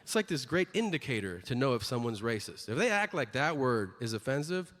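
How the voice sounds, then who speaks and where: A man's voice: medium pitch, big pitch swings, brisk, fairly bright tone. A man doing a stand-up comedy set in a brash, profane, mocking way on a theater stage. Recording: live venue reverb with noise.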